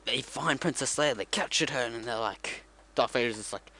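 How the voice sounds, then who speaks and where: A man's voice: medium pitch, moderate pace, creaky, pushed and bright. A man casually retelling a movie from memory, rambling, joking and correcting himself as he goes. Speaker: vlogger.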